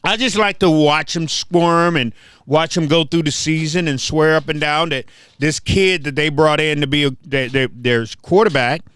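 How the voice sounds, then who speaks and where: A man's voice: on the high side, normal speed, fairly bright tone, smooth, no room sound. An older man hosting a livestream, ranting casually and trash-talking viewers, often repeating his words. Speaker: livestream host.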